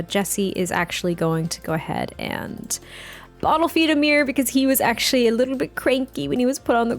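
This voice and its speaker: Giggly woman narrating a life-sim game. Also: medium pitch. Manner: chatty, giggly, rambling with fillers. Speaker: let's play host. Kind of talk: casual game commentary.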